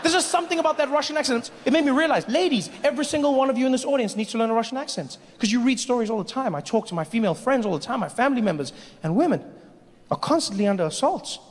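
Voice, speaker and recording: A man performs stand-up on a large stage, telling animated stories and leaping into character voices. His voice is very high and he races along, picked up by a stage mic with long hall reverb and faint hiss.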